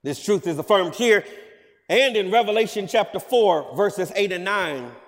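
Man preaching a sermon, high voice, emphatic, loud peaks, long reverb of a hall. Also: expressive, moderate pace. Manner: emphatic, rising to loud declarations.

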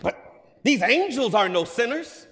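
Emphatic high-voiced male preacher in a hall. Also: very animated, a little slow. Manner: emphatic, rising to loud declarations. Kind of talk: sermon. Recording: long hall reverb.

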